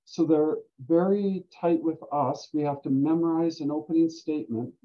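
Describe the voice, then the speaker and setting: An older man telling stories in casual talk as a guest speaker, animated and quick to laugh. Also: fairly high pitch. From Canada. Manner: animated storyteller who laughs often. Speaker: guest speaker, volunteer standardized patient. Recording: dull lo-fi recording.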